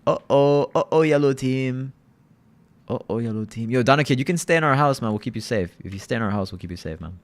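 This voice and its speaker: A young male streamer talks through a match with his viewers in a loose, rambling way, tossing "bro" into nearly every sentence. His voice sits a little on the low side, and he circles back over the same phrases as he thinks aloud. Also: very fast, hardly any pauses, fairly bright tone. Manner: loose and chatty, peppers talk with "bro" and repeats himself. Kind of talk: casual live-stream gaming chat.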